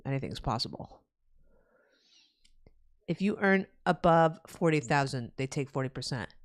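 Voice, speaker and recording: Young female streamer, New Jersey, animated and swearing, casual rant. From New Jersey, USA. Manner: profane ranting, loud swings in pitch. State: pregnant. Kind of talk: casual live-stream chat.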